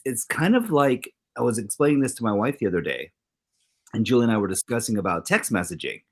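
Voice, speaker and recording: Animated middle-aged man telling stories. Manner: animated storyteller, acts out quoted exchanges with big pitch jumps. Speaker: co-host. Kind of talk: casual talk-show conversation.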